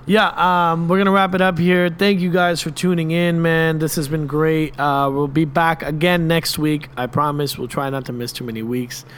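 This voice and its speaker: A man's voice: a little high, fairly even intonation, normal speed, few pauses, fairly bright tone, slight background noise. A man co-hosting a podcast in casual chat, laid-back and teasing, often restarting his sentences. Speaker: podcast co-host.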